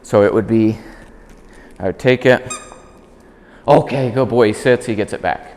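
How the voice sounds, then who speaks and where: A man working as a dog trainer, explaining commands in a calm instructional demonstration. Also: moderate pace, long reverb tail, a little hiss or hum. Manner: calm explaining, high-pitched praise to the dog.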